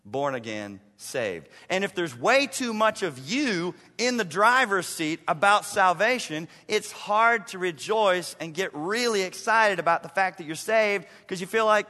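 A man preaching a passionate sermon as pastor, swinging between loud emphasis and hushed asides in a church. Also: high voice, expressive, measured pace, few pauses, long reverb tail. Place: church sanctuary.

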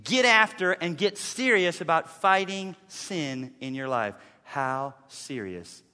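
A man's voice: fairly high pitch, animated, slow pace, bright, forceful tone, clear, resonant tone. A middle-aged man pastor preaching a conversational sermon, acting out his own thoughts as he goes. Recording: long hall reverb.

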